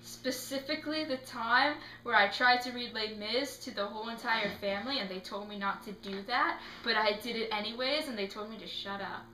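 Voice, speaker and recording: A teenage girl answering interview questions in a casual, animated way, acting out little scenes as she talks. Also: fairly high pitch, fairly quick, few pauses, slight background noise. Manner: animated, acts out quotes in put-on voices. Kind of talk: casual chat. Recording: echoey room.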